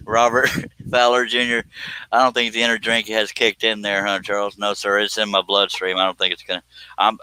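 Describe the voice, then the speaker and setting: A man's voice: lowish voice, little pitch movement, fairly quick, pushed and bright, smooth, no echo, low-quality recording. A middle-aged man hosting a livestream, chatting casually and laughing often. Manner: laughs often, rereads a chat message in a mock-threatening voice. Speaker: livestream host. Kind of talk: casual chat.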